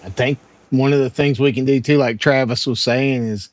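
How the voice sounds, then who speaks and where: A man's voice: medium pitch, fairly even intonation, moderate pace. A man who is a guest digital artist, chatting casually in an easygoing, agreeable way and often chuckling. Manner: laid-back, agreeable, chuckling. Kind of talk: casual chat.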